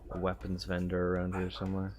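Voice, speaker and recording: A man streaming a game, chatting casually in a relaxed, halting way with many fillers. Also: sits low, faint music behind. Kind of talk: casual gameplay chat.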